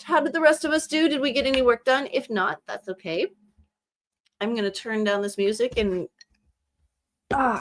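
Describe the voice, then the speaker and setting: Hosting a casual live stream, a woman with a fairly high, slightly bright voice rambles and laughs as she talks. Her accent mixes Californian and Southern twang.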